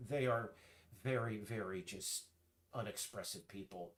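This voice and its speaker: A man streaming, chatting casually in a rambling, halting way full of restarts while he works. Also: medium pitch. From United States.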